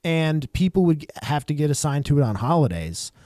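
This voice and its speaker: A man's voice: on the high side, very animated, fairly quick, warm tone, no echo, studio quality. A man chatting on a podcast, telling an anecdote and cracking sarcastic jokes. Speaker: podcast co-host. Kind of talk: casual chat.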